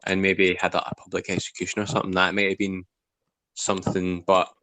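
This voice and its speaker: A man's voice: low-pitched, completely flat delivery, fairly quick, bright, forceful tone. A man co-hosting a casual review podcast, recapping scenes in a plain storytelling way. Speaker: podcast co-host.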